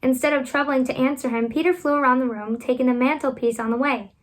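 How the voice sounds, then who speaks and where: A woman reading a children's classic aloud at home, expressive and animated, lifting her voice for the children's lines. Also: sits high, quick pace. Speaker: reader.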